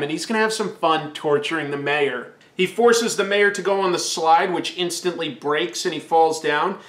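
A man recapping an old comic with wry sarcasm. His voice sits high for a man and carries an echoey, roomy sound. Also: fairly bright tone. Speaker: comic book reviewer. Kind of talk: comedic recap commentary.

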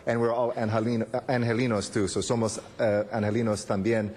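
Fast-talking upbeat man at a podium. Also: on the low side, flat delivery, darkish tone, slightly rough, in a large hall. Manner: upbeat, joking, mixes in Spanish phrases. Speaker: city official giving congratulatory remarks. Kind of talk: public speech at a council meeting. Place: city council chamber.

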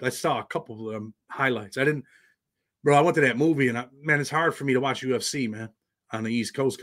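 A man's voice: medium pitch, fairly bright tone. An American man hosting a livestream, chatting loosely with viewers in slang and answering their comments. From United States. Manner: loose, slangy, talks straight to chat. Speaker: livestream host. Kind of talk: casual livestream chat reading viewer comments.

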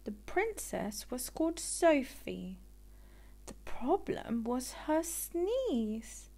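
A woman storyteller reading a children's picture book aloud in an expressive, deliberate way. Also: high-pitched.

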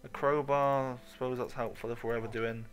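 A man at a mid-pitched, everyday voice, rambling through his game with goofy asides and frequent swearing. He talks to himself as he plays, casual and unpolished, with faint music playing behind. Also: flat delivery, a little fast. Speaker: gaming channel host. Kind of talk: casual let's-play commentary.

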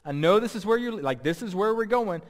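A man's voice: mid-range voice, normal speed, close to an everyday voice. A man voicing an anguished Jesus who prays in plain, informal modern words. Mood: pleading. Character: Jesus as grown man, anguished, pleading casually. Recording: long reverb.

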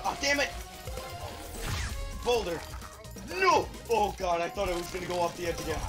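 A woman hosting a gaming video, giving casual, excitable commentary while she plays, laughing and exclaiming. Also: on the low side, normal speed. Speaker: gaming channel host. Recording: game music playing behind.

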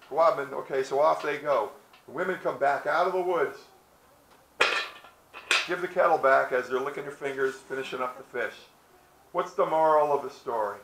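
A man's voice: medium pitch, sharp tone, slight background noise. Folksy storytelling man, roomy sound. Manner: storytelling, folksy, acts out characters with hesitations. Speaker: presenter. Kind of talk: outdoor history talk to visitors. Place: outdoors at a historic site.

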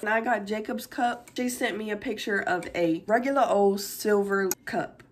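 A woman's voice: mid-range voice, steady tone, moderate pace, few pauses. A young woman, chatting through an unboxing vlog, gushing and close to tears. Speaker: vlogger.

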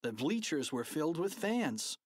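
A narrator reading a children's audiobook with an animated, playful delivery. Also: medium pitch, measured pace, husky, dry recording, clean studio sound.

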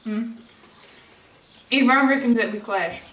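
A woman's voice: a little high, a little slow. A young woman, chatting casually with her best friend, blunt and teasing. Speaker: guest friend. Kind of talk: casual chat. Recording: distant mic, loud background noise.

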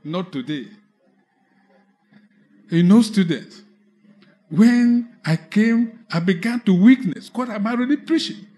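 A man preaching with a Nigerian English accent, telling a personal conversion testimony slowly, with halting restarts. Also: sits high, lively intonation, dark tone. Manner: slow, halting storytelling with restarts. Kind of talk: testimony sermon.

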